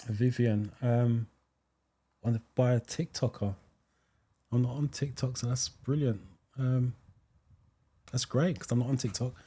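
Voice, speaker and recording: A man's voice: medium pitch, steady tone, a little slow, long pauses, dark tone, breathy edge. A British man hosting a live driving theory stream, chatting casually as he reads viewer comments and explains answers. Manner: chatty, thinks aloud, many ums, thanks viewers.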